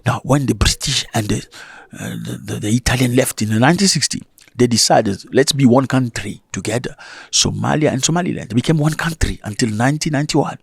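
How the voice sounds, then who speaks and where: A man giving casual opinion commentary to his viewers, animated and full of rhetorical questions and chuckling asides. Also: mid-range voice, quick pace, vocal fry, slightly rough, no echo, clean studio sound.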